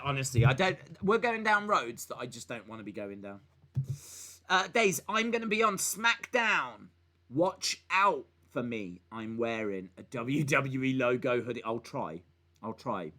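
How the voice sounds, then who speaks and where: A man's voice: mid-range voice, lively intonation, moderate pace, bright, forceful tone. A young man hosting a live stream, reading viewer comments aloud in a playful, mock-baffled, joking way.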